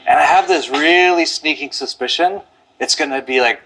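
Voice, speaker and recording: A man's voice: fairly high pitch, moderate pace, vocal fry, bright, forceful tone, slight background noise, poor audio. A man vlogging outdoors while walking up a steep hill, rambling and out of breath, sighing often. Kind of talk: casual walking monologue.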